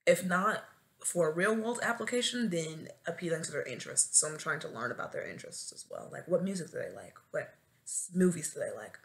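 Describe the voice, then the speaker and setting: A woman's voice: low voice, expressive, fairly quick, gravelly. A woman in her twenties, a new teacher, chatting casually on her solo podcast and breaking into dramatic comic wails. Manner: dramatic, swings into wailing and shouting for comic effect. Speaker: podcast host.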